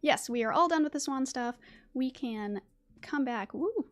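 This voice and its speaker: A woman from West Virginia hosts a casual YouTube livestream, chatting, laughing often, and reading poetry aloud. Her high-pitched voice is expressive and unhurried, full of fillers and restarts, with soft music playing behind her.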